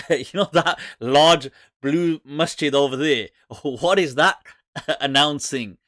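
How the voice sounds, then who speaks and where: A man hosting a live Islamic Q&A stream, talking in an animated, sarcastic and mocking way. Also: on the high side, takes it slowly, no echo, clean studio sound.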